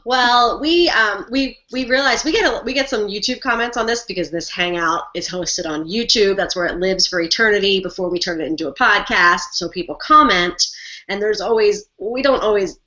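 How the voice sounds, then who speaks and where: A woman's voice: mid-range voice, normal speed, pushed and bright. A woman hosting a casual video-call chat, playful and giggly with a sarcastic streak. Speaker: host. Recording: muffled lo-fi call audio.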